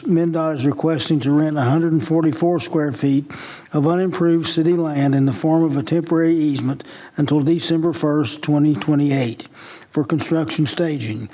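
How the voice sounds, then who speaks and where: Mellow-voiced man giving a staff report. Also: fairly high pitch, poor audio. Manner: measured, reads prepared figures. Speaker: city staff presenter. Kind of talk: formal staff report at a council meeting. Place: council chamber.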